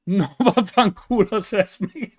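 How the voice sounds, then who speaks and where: A man calling a video game wrestling match with excitable, yelling play-by-play and slips in English grammar. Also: high voice, slow, breathy edge. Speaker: commentator and wrestler persona.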